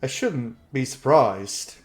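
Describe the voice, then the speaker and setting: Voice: mid-range voice, lively intonation, slow pace, darkish tone. A game master voicing a courteous male army commander in a tabletop game, with hesitant phrasing. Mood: calm.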